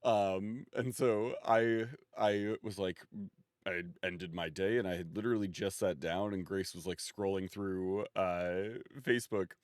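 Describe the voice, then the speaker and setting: A man co-hosting a podcast, chatting casually and teasing his co-host in a relaxed, playful way. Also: sits low, a little slow, no room sound, clean studio sound. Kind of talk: casual chat.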